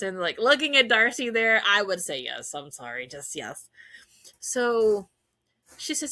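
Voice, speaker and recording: A woman hosting a podcast, gushing and laughing as she recaps scenes and acts out quotes in quick voices. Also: mid-range voice, animated, pushed and bright. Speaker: podcast host. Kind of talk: excited fan recap chat.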